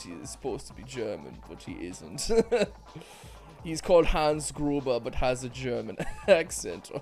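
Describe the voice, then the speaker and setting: A man giving rambling, self-mocking commentary over a video game, with quick asides. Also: medium pitch, animated, darkish tone, soft background music. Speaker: gaming YouTuber. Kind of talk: joking gameplay commentary.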